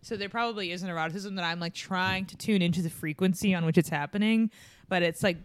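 A chatty man co-hosting a casual talk show, his fairly high voice smooth and clear. He laughs often and fills his talk with "like", recorded close and dry. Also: fast talker, a bit bright, dry recording. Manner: chatty, giggly, lots of "like". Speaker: podcast co-host. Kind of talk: casual chat.

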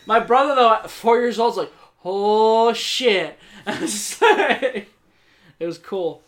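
A woman co-hosting a casual podcast chat, telling animated stories and swearing freely. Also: on the high side, measured pace. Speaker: podcast co-host.

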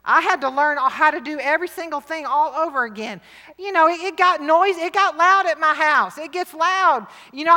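A middle-aged woman, preaching to a women's rally with lively, emphatic, jokey swings between loud and hushed. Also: high voice, normal speed. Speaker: women's conference speaker. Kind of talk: sermon. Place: large church hall. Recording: long hall reverb.

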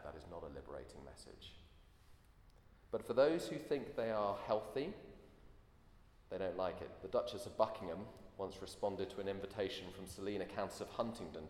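A man's voice: sits low, a little mellow. A man preaching a sermon in an earnest way, full of rhetorical questions. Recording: echoey hall, faint room noise.

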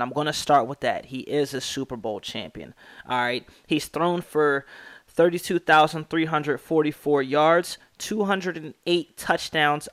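A man's voice: a little high, fairly bright tone, no echo, studio quality. A young American man hosting a sports podcast, talking casually and with strong opinions, rattling off stats and slang. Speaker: podcast host.

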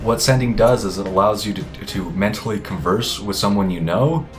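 A man with a very low voice runs a tabletop game as game master. He explains the rules and describes what happens. Faint music plays underneath. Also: a little fast. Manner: explains rules with many fillers and restarts.

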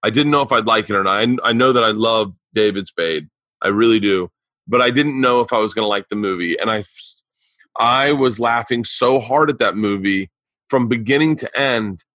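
A man's voice: lowish voice, normal speed, sharp tone, dry recording. A man hosting a podcast, chatting with a guest, enthusiastic and swearing, repeating himself as he talks. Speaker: podcast host. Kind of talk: casual interview chat.

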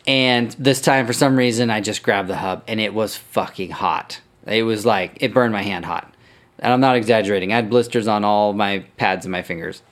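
A man's voice: fairly low pitch, normal speed, fairly bright tone. A man hosting a podcast, telling a story casually, swearing freely and correcting himself as he goes. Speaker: podcast host.

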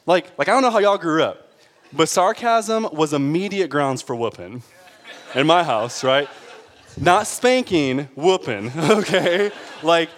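Animated preacher in a reverberant hall. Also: male voice, a little high, a little slow, a little hiss or hum. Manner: animated, laughs often, asks the crowd "right?". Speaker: pastor. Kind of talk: sermon. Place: church sanctuary.

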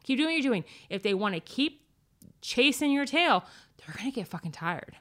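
A woman in casual podcast chat, telling a story with emphasis, some swearing and lively retold quotes. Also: on the high side, normal speed. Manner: emphatic and profane, animated storytelling.

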